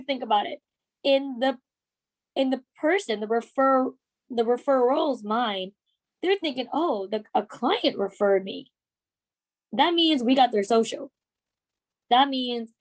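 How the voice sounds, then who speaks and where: A woman training her sales team, telling stories and acting out the dialogue. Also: fairly high pitch. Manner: animated storytelling, acts out quoted dialogue. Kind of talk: motivational team training talk.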